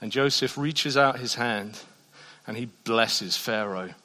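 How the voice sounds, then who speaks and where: A man delivers a sermon from a church. He is a pastor who swings between quiet, intimate passages and loud, emphatic peaks. His voice carries a long reverb from the hall around him. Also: medium pitch, slow.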